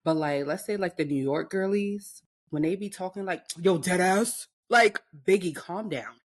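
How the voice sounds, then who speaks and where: A woman co-hosting a podcast in casual chat, with a deep voice and an assertive, self-described aggressive way of talking. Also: moderate pace. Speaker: podcast co-host.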